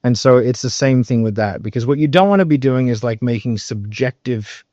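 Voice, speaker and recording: A man's voice: mid-range voice, fairly quick, a little mellow, no echo. A man coaching on sales in casual talk, emphatic and loose, with frequent fillers, swearing and "right?" tag questions. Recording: dull, slightly muffled recording.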